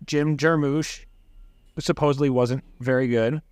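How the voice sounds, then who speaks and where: A man's voice: medium pitch, fairly even intonation, unhurried, a little mellow, clear, resonant tone, dry recording, clean studio sound. Wry man co-hosting a podcast. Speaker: podcast co-host. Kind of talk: casual chat.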